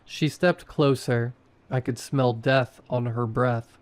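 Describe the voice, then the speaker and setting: A man's voice: medium pitch, steady tone, slow. A man narrating a first-person horror story in short, tense sentences.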